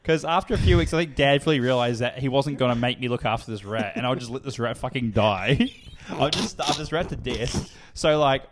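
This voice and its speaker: A man's voice: medium pitch, fairly quick, noisy background. A man, co-hosting a casual podcast and telling a crude story, swearing and laughing as he goes. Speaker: podcast co-host.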